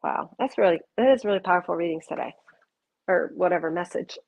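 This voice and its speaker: A woman giving a live oracle card reading, talking softly and wandering between thoughts with gentle excitement. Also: fairly low pitch, fairly quick, vocal fry, highs cut off. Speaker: card reader.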